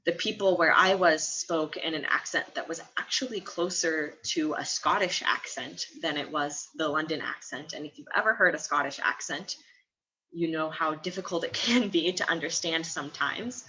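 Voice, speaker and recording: A woman's voice: deep voice, normal speed, pushed and bright, poor audio. A woman in her twenties from the American Midwest, chatting casually in a vlog and laughing often between phrases. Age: 20s. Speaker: study abroad student.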